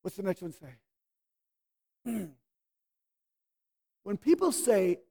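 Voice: medium pitch, very animated, very slow, vocal fry, pauses often, a little mellow. A preacher delivering a sermon, emphatic, drawing words out and pressing the listeners with rhetorical questions.

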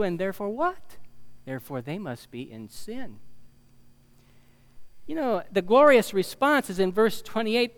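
A man preaching a sermon in a conversational way, with fillers and asides, reading scripture and swelling louder on key phrases. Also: high-pitched, very animated, unhurried.

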